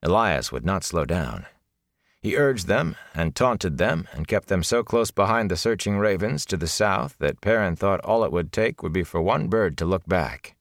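A male audiobook narrator with a very low, deep voice, reading fantasy prose in a steady, measured way. The recording is close and completely dry, with no room sound. His delivery lingers over the grim images. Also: dry recording.

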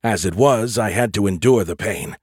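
Man, audiobook narrator, low voice, husky, dry close sound. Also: lively intonation, moderate pace, darkish tone, no room sound. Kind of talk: first-person audiobook narration.

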